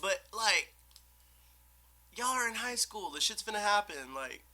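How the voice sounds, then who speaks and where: Bright, animated young man chatting. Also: sits high, a little slow. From Texas. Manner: laughs often, swears freely. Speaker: podcast guest. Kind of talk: casual chat.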